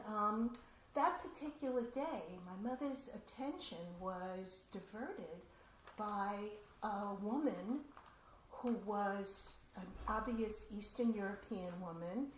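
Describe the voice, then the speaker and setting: A woman performing a personal story at a community event, with a chatty, animated telling and asides. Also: mid-range voice. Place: community center hall. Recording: roomy hall with faint noise.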